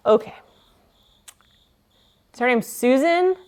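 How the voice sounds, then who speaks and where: A woman's voice: on the high side, expressive, drawn-out words, a little mellow. Chatty woman streaming a furniture restoration. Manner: chatty, joking, talks to chat while working. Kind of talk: casual live-stream chat with viewers.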